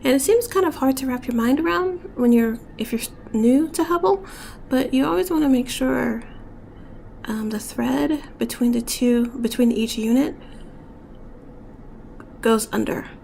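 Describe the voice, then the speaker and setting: A woman walks through a beadwork stitch step by step, speaking softly and slipping into near-whispers as she works. Her voice sits a little high but sounds mellow and dark, with a gravelly fry. Faint room noise hums underneath. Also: a little slow. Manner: soft-spoken, often drops to a whisper while working. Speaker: beading tutorial instructor. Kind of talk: step-by-step craft tutorial.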